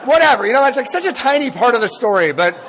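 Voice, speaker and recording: A middle-aged man speaks at an AA meeting in a hall with long reverb, his husky voice pitched extremely high with a sing-song lilt. He talks fast with a fairly bright tone over a faint hiss or hum, telling his recovery story with self-mocking humor and acting out the dialogue.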